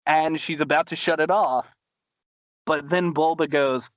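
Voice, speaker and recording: Man, podcast host, animated recap, slightly high voice, dull dry recording. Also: measured pace, no echo. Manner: animated, laughing, acts out quotes in high voices. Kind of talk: casual podcast chat recapping a cartoon episode.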